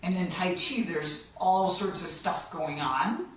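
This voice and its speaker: A middle-aged woman, guest on a podcast, chats casually and with enthusiasm, laughing often and letting sentences trail off. Her voice is lowish and a bit bright, and she speaks slowly. She sounds echoey and far from the mic.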